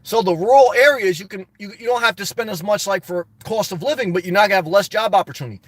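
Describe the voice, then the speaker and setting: A man with a high voice hosts a casual YouTube livestream, reading viewer chat comments aloud and riffing on them in a chatty way. He talks quickly, and there's no room sound.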